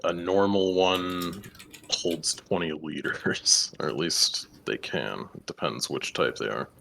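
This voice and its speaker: A man's voice: low-pitched, slow, vocal fry, bright, forceful tone, slight background noise. A man playing a tabletop game over voice chat, pedantic and prone to muttering to himself. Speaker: player.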